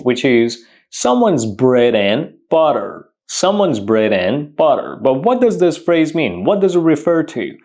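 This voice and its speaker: A man's voice: mid-range voice, a little mellow. A man teaching English idioms to camera, emphatic and repetitive, piling up synonyms.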